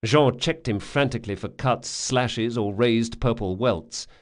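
A man reading a fantasy audiobook in steady, measured scripted narration. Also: medium pitch.

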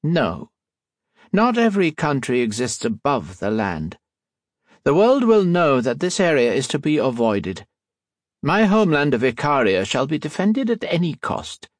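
A man's voice: on the high side, very animated, no echo, clean studio sound, voice pushed up. A man voicing a stern woman sub captain. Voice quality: slight unfamiliar accent. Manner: formal, measured and authoritative. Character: stern commanding female submarine captain.

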